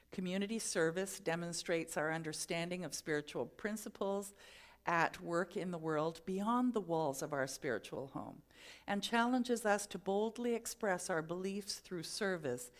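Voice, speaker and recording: Gentle woman minister. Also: lowish voice. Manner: gentle, conversational storytelling. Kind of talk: sermon.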